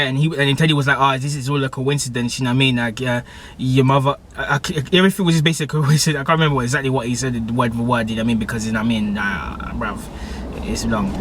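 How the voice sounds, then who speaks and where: A young man recapping a TV episode in a casual, excitable way, full of slang, fillers and restarts. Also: mid-range voice, slight background noise. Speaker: TV show reviewer.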